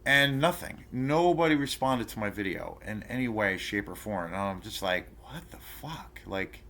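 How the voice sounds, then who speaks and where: A man with a fairly low voice rants to camera in a casual vlog. He rambles, swears freely and restarts his sentences, sounding indignant and outraged throughout. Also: normal speed, a bit bright. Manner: rambling, profane storytelling full of fillers and restarts. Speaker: channel host ranting to camera.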